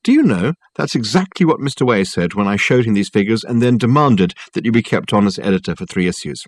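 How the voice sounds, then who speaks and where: A man voicing a brisk, sweetly ruthless older aristocratic mother who stays coolly in control. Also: fairly low pitch, expressive, husky, no room sound, clean studio sound.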